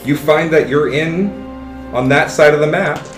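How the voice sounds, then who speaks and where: Male game master, animated and profane, fairly high voice, echoey room with music. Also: unhurried. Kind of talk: narrating a tabletop game.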